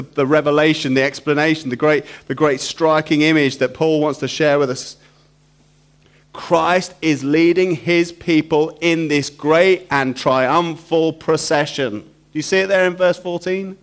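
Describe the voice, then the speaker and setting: Slow, emphatic preacher man. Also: fairly high pitch. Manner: emphatic, repetitive, rhetorical questions to the congregation. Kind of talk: sermon.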